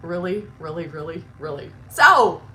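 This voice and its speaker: A woman's voice: fairly low pitch, sing-song, moderate pace, bright, forceful tone, low-quality recording. A woman hosting her morning live stream, chatting emotionally, laughing through tears and gushing with many restarts. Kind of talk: casual emotional chat.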